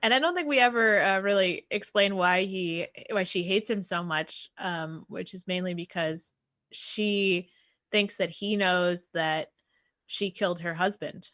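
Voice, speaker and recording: A woman walks through a film's plot on a casual podcast, leaning on fillers as she goes. Her voice has a middle pitch. The recording is dry and close. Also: measured pace, fairly bright tone, no echo. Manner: recaps the plot, with frequent fillers and laughs. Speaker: podcast co-host. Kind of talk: casual film discussion chat.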